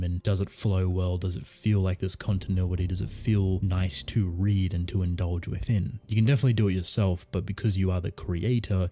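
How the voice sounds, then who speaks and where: A man giving a measured, analytical critique of a comic in a review video. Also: low voice, warm tone. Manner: measured, analytical, polished delivery. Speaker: manga reviewer.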